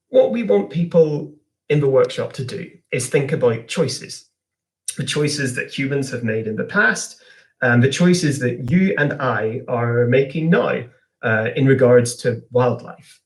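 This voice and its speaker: A man's voice: medium pitch, lively intonation, slow. A man, a science communicator giving a live online lesson for young people, asking viewers to type their answers.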